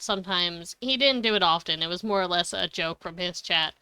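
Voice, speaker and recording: A woman's voice: fairly low pitch, moderate pace, sharp tone, clear, resonant tone, no room sound. A young woman streaming a game, chatting casually, giggling and swearing freely as she rambles and corrects herself. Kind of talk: casual live-stream chat.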